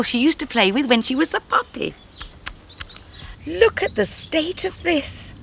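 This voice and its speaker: A woman presenting and narrating a gentle, expressive children's story. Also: high voice, measured pace, vocal fry, pauses often, a little hiss or hum.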